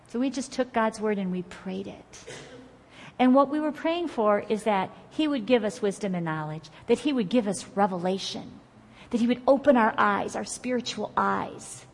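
A woman leads a Bible study class in an earnest, conversational and encouraging manner, reading scripture aloud slowly and with emphasis. Her voice is mid-range, and the recording has a big-room sound.

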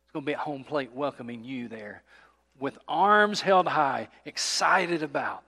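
A man's voice: medium pitch, expressive, a little slow, vocal fry, pushed and bright, in a large hall. A man, a pastor, giving a sermon in a conversational way, often asking his listeners questions. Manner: conversational preaching with rhetorical questions. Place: church sanctuary.

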